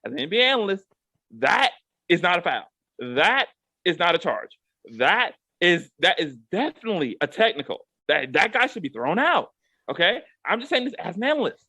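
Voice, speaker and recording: A man with a high, very animated voice, ranting about sports. He repeats himself for emphasis and keeps asking "okay?" The recording is dry and close. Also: normal speed, husky, dry recording. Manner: emphatic and repetitive, drives points home with "okay?". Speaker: co-host giving a rant segment. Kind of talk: heated sports rant.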